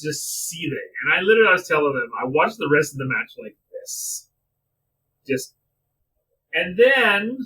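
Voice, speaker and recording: A man's voice: a little high, pushed and bright, recorded from a distance, rough recording. A man co-hosting a casual podcast, ranting animatedly and swearing freely about a wrestling show. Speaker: podcast co-host. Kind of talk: casual wrestling review chat.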